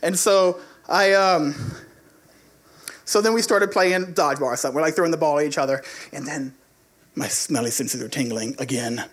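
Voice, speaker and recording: A man preaching a sermon, quoting scripture and then telling a lively, conversational personal story. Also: on the high side, normal speed.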